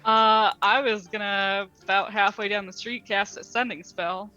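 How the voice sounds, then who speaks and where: Woman, tabletop player, bright voice, slightly dull audio. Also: mid-range voice, fairly even intonation, moderate pace. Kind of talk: casual tabletop play.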